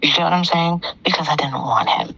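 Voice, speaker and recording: A woman's voice: deep voice, fairly quick, gravelly, sharp tone, husky, low-quality recording. A middle-aged woman calling in to a talk show, telling a personal story in an emphatic way and repeating phrases for effect. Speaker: caller.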